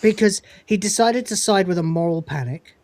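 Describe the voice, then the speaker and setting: A man's voice: high-pitched, darkish tone, no room sound. Sweary British man hosting a stream. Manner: profane, mocking, quick to laugh. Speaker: livestream host. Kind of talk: casual panel chat.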